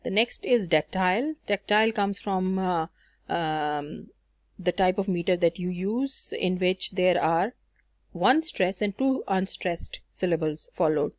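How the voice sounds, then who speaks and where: In a clean studio recording with no room sound, a woman with a lowish voice speaks slowly. She is giving a recorded lecture on poetic meter, explaining it patiently with frequent fillers and self-corrections.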